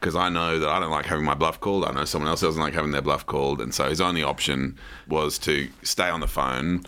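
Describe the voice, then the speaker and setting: A man's voice: very deep voice, steady tone, quick pace, sharp tone. An Australian man telling stories as a podcast guest in casual chat, dry and self-mocking, acting out other people's voices.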